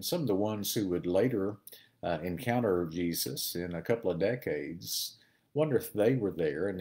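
A man giving a conversational Bible lesson, explaining verses and thinking aloud with pauses and fillers. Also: low-pitched, a little mellow. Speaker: Bible teacher. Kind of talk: sermon-style Bible teaching.

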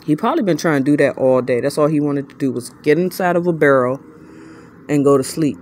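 A woman vlogs from bed late at night. She talks in rambling, self-interrupting chatter, then jumps into a high baby voice for her pet. A faint hiss sits under the recording. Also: quick pace, a little mellow. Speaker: vlogger. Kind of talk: casual late-night vlog.

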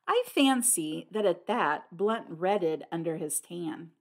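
A woman reading a classic mystery novel aloud as an audiobook narrator, with expressive delivery. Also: lowish voice, takes it slowly.

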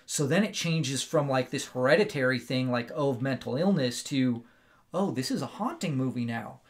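A man on a casual podcast, retelling a film in an animated, rambling way, full of "like" and "right?". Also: medium pitch, normal speed. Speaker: podcast co-host.

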